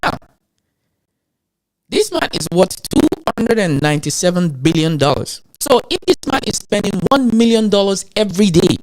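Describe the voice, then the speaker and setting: A man with an African accent hosting a show, talking to his audience in an animated rant full of rhetorical questions. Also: high voice, moderate pace. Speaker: show host. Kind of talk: animated ranting commentary.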